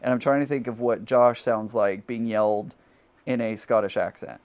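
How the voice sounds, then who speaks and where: A man's voice: lowish voice, steady tone, normal speed, a little mellow. A man bantering casually during a home sewing livestream, joking and laughing, sitting a bit away from the microphone. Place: home sewing room, indoors.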